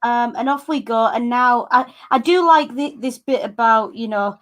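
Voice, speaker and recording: A woman's voice: fairly high pitch, normal speed, hardly any pauses, fairly bright tone. A woman co-hosting a casual film commentary chat, wry and chatty, summing up points. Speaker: podcast co-host.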